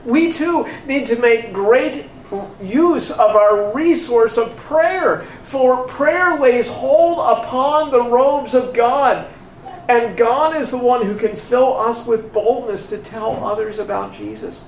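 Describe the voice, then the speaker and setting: A man preaching a sermon, retelling a scripture story slowly and emphatically, acting out the exchanges between its characters. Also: very high voice, recorded from a distance, a little hiss or hum. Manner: slow, emphatic storytelling with voiced dialogue. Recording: echoey room picked up from afar.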